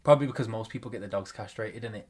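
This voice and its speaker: A man's voice: on the low side, racing, a little mellow, husky. A man co-hosting a podcast, chatting in a slangy, laid-back way. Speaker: podcast co-host. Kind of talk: casual chat.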